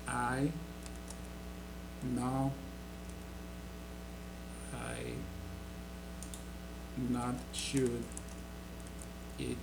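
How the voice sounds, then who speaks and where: A middle-aged man giving a casual spoken language lesson, explaining slowly with many fillers and restarts. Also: fairly low pitch, gravelly, noisy background. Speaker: language teacher.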